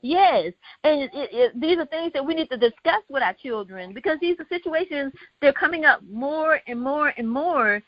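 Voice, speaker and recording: A woman's voice: high-pitched, normal speed, hardly any pauses, no echo. A woman hosting a casual discussion, telling a long personal story and acting out the dialogue of the people in it. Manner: storytelling, animated, quotes others in dialogue. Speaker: host. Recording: dull lo-fi sound.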